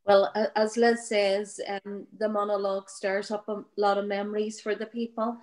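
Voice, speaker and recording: Woman storyteller, flat even delivery, anecdotal, acts out voices. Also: mid-range voice, normal speed, rough recording. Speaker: storyteller guest. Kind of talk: oral storytelling.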